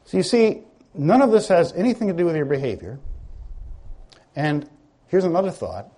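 Husky-voiced man preaching with lively pitch. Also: moderate pace. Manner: teaching, conversational, asks the listeners questions. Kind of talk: sermon.

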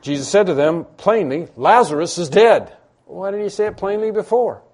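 A man preaching to a congregation in a mellow, darker voice that sits a touch high. He speaks with emphasis, repeats key phrases and acts out imagined back-and-forth dialogue. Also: lively intonation, fairly quick. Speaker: pastor. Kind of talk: sermon. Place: church room with congregation.

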